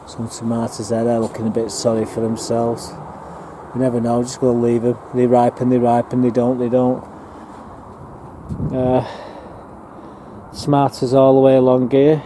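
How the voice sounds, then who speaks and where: A man talks his way around an allotment, rambling and restarting as he goes. His voice is dark and mellow, with a faint hum of town and traffic behind him outdoors. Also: mid-range voice, monotone, moderate pace, long pauses. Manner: chatty, rambling, with fillers and restarts. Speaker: allotment gardener giving a plot tour. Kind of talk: casual walking tour narration.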